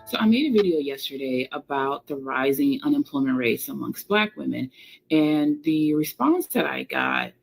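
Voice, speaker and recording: Female video commentator, very low and gravelly, earnest and measured. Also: expressive, faint music behind, low-quality recording. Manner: earnest, measured, many fillers. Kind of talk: social media commentary.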